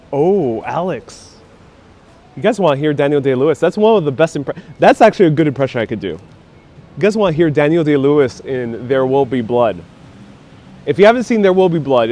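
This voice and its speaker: A man's voice: medium pitch, darkish tone, a little hiss or hum. A man hosting a casual live stream outdoors on a rainy city street, joking, self-deprecating and reading chat messages aloud through a clip-on mic. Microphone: wireless clip-on mic on a phone rig.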